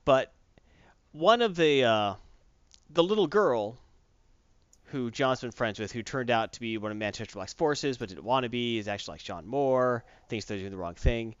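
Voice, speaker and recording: A man talks casually, walking through a comic book plot in a loose, rambling way full of fillers and restarts. His voice sits at an ordinary pitch. The recording is dull and lo-fi, with a dry, close sound. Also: expressive, normal speed, clear, resonant tone, dry recording. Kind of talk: casual chat recapping a comic book story.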